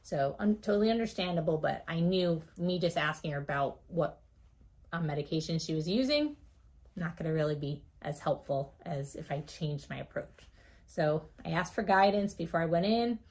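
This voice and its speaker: A woman, a physician guest on an interview show, telling a story with lively delivery and laughing often. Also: low-pitched, normal speed. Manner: lively, acts out voices in her anecdotes, laughs often.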